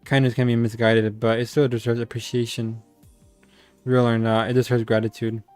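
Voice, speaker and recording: A man reading inner-monologue narration from a visual novel in a calm, reflective way. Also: mid-range voice, moderate pace, smooth, faint music behind.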